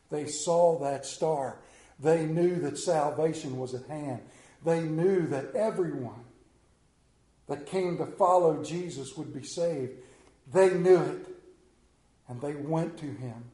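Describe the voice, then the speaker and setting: Man, preacher, sermon, slow, dramatic, loud then hushed, dark tone, echoey room. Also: a little high. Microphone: camera.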